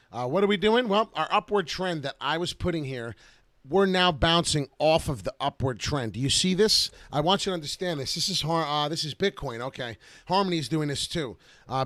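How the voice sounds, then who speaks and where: Excitable guy going over crypto charts, dry close sound, rambly and hyped. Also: a little high, no echo. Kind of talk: casual live chart talk.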